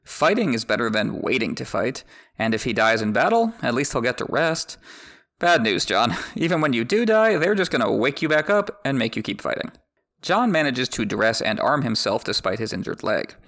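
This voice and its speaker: A man's voice: mid-range voice, sing-song, normal speed, a bit bright. A man hosting a book podcast who recaps a chapter, reads excerpts aloud, and adds wry, joking asides. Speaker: podcast host.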